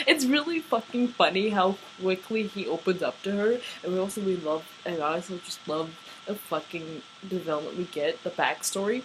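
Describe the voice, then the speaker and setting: A woman's voice: medium pitch, brisk, slight background noise, rough recording. A woman gushing about her favorite fictional couple in a casual vlog, swearing freely, gasping and laughing as she goes. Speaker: vlogger. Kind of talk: excited fan rant.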